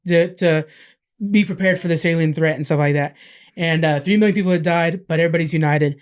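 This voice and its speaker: Casual male podcast host, chatty recap, filler-heavy and excitable. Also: fairly high pitch, fast, clean tone. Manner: rambling recap with many fillers and restarts; excited, gushing. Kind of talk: casual chat.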